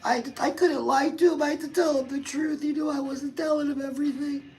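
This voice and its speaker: A woman's voice: sits high, fairly even intonation, brisk, dark tone, soft background music, low-quality recording. A woman hosting a chatty motivational livestream, talking straight to her viewers and calling them girl. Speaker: livestream host.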